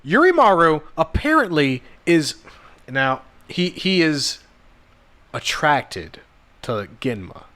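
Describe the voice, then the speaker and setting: Male podcast co-host, high bright voice, profane animated storyteller. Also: slow pace. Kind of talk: casual chat recapping an anime film.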